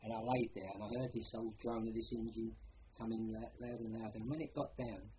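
Older Cockney man, mellow and rambling. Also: on the low side, fairly even intonation, a little fast, dull audio, a little hiss or hum. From London. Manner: rambling, plain-spoken, peppered with "you know". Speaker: war veteran interviewee. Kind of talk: oral history recollection.

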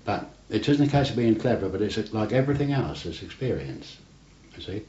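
An older navy veteran tells rambling stories in an oral history interview, often tacking on "you see". His voice is fairly low, mellow and brisk with lively intonation, captured on roomy, dull archival tape with a faint hiss.

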